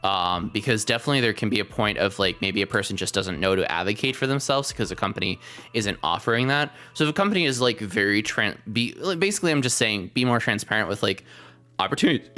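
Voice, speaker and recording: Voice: medium pitch, animated, fast, sharp tone, soft background music. A podcast host chatting casually on a livestream, rambling with lots of fillers and the odd swear word.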